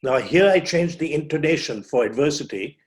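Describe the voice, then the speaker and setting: A man speaking as a physician educator, giving a motivational talk on public speaking with deliberate pauses and stressed words. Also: a little high, expressive.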